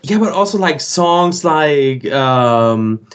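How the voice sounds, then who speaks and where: A man co-hosting a podcast in casual chat, talking in a halting, wry way with many fillers and restarts. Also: fairly high pitch, expressive, clean tone. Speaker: podcast co-host.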